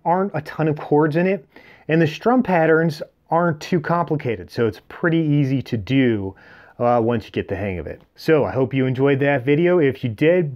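A man's voice: fairly high pitch, muffled recording. A man giving a guitar lesson, explaining chords and strums plainly and counting beats aloud as he plays. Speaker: guitar teacher. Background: his own acoustic guitar playing.

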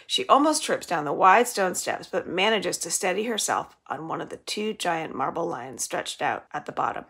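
Woman librarian reading aloud, storybook delivery; low, husky voice. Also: lively intonation, moderate pace, fairly bright tone.

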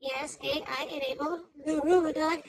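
A woman voicing a hyper, chattering female AI cartoon host who rambles through commentary on a news clip, jumping between shouts and mutters. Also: high-pitched, steady tone, a little slow, over a noisy crowd, rough recording. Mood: excitable.

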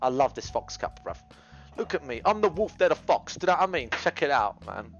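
Brash man streaming, lively pitch. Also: brisk, dull audio, faint music behind. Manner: brash, rambling, swings loud and animated. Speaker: livestreamer. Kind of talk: casual cooking livestream chat. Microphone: GoPro camera mic.

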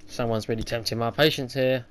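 A man talks through a video game run as he plays, coaching himself aloud and grumbling at each failure. His pitch sits in an ordinary middle range for a man, and a faint hum of background noise runs under his voice. When things go wrong he flares up into sharp, loud outbursts. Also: steady tone, a little fast. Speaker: gaming channel host. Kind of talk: live gameplay commentary.

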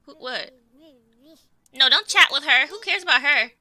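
A woman's voice: high voice, lively intonation, normal speed, pushed and bright, no room sound. A woman giving casual gameplay commentary, chatty and easily exasperated, talking back to the characters on screen. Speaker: let's play gamer.

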